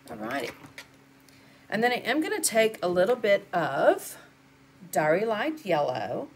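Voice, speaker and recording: A woman's voice: medium pitch, huge pitch swings, moderate pace, a little hiss or hum. An older woman, chatting through a live painting lesson and answering viewers as she works. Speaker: art instructor.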